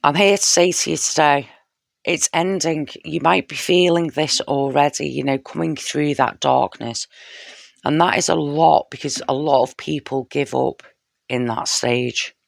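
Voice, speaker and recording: Slow gravelly-voiced tarot reader. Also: mid-range voice, no echo, studio quality. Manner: slow, heartfelt, frequent "you know" and "yeah?" check-ins; intimate, speaks straight to the viewer. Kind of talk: casual spoken tarot reading to camera.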